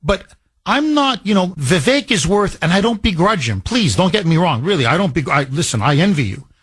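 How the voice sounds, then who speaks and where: A man's voice: sits high, big pitch swings, a little fast, a bit bright, slightly rough. A middle-aged man from Canada hosting a talk radio show, delivering an emotional, heated monologue.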